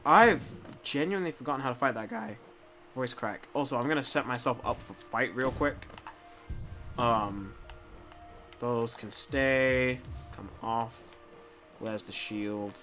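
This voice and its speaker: Young man, casual game commentary, bright forceful tone, faint music behind, swears, mutters then bursts out. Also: medium pitch, a little slow, pauses often. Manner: rambling, swears freely, talks to the screen; mumbles softly, then jumps into loud excited outbursts. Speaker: gameplay commentator. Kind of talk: casual let's play commentary.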